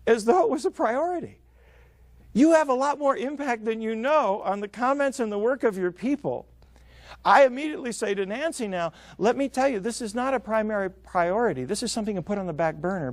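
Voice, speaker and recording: A man with a high voice delivers a lively seminar talk on managing time. He slips into quoted voices to make his points, and the sound is dry and close with almost no room echo. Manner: energetic, acts out quoted voices. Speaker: business speaker.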